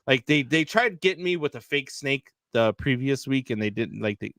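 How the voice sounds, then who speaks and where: A man co-hosting a live sports talk show, telling stories in a lively, filler-heavy way. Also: medium pitch, normal speed, dry recording, studio quality. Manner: animated storyteller, many fillers. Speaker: podcast co-host. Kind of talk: casual live sports chat.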